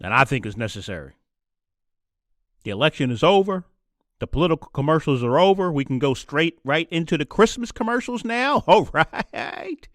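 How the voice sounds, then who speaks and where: Male podcast host, sarcastic monologue, bright and animated. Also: moderate pace, no room sound, studio quality. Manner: sarcastic, mocks others in shrill put-on voices. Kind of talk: opinionated monologue.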